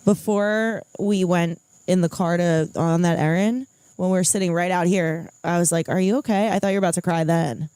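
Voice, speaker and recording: A woman's voice: fairly low pitch, fairly even intonation, moderate pace, warm tone, clean tone, dry recording. A woman co-hosting a casual chat, supportive and reassuring, often laughing. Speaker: podcast co-host.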